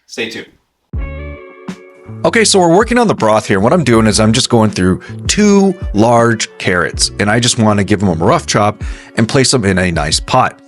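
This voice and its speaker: A man's voice: fairly low pitch, sing-song, normal speed, faint music behind. A man hosting a home cooking video, chatty and reassuring as he talks the viewer through each step. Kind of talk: casual cooking tutorial narration.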